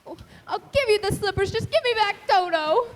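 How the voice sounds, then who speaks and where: A woman's voice: very high voice, animated, normal speed. A teenage girl acting a frightened, earnest young girl in a school stage play, talking in a pleading tone. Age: teens.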